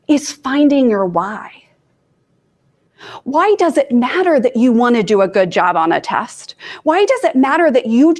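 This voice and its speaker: A woman life coach from Kansas giving an informal talk to students, chatty and self-deprecating, with asides to her audience. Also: high-pitched.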